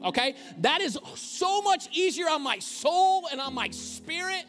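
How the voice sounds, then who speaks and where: A man's voice: very high-pitched, animated, a little slow, hardly any pauses, fairly bright tone, faint music behind. A male pastor preaching a sermon in a church, conversational, with humorous asides. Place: church auditorium.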